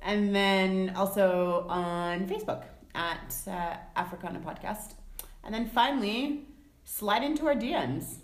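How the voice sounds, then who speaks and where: A woman co-hosting a podcast in casual chat, teasing and quick with banter. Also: mid-range voice, reverberant. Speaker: podcast co-host.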